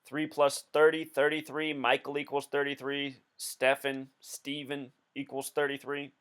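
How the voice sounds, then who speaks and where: Smooth-voiced man, insistent explainer. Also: mid-range voice, completely flat delivery, a little slow, a bit bright. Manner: insistent, explanatory, counting through numbers. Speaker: video host. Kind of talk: casual commentary.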